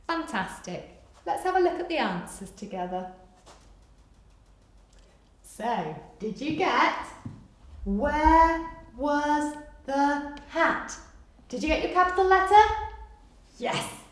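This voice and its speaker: A woman, a primary school teacher giving a remote lesson to young children, dictating slowly and praising a lot. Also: sits high, very animated, reverberant. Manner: slow, exaggerated dictation with big praise.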